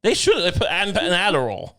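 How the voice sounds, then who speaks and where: His high voice swoops wildly in pitch, bright and forceful, at a fairly quick pace. As a comedy podcast co-host, he riffs casually with rambling, profane, absurd humor.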